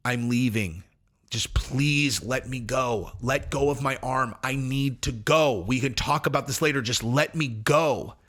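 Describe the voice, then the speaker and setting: A man imitating a calm, tired man quietly trying to leave an argument. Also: mid-range voice, brisk, hardly any pauses, pitched below the performer's own voice, lightly acted. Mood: weary.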